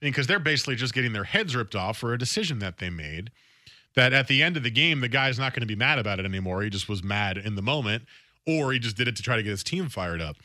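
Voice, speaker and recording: A man's voice: mid-range voice, lively intonation, fast talker, sharp tone, no room sound, clean studio sound. A man hosting a sports talk radio show, talking in a casual, opinionated way and often repeating words as he thinks aloud. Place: radio studio.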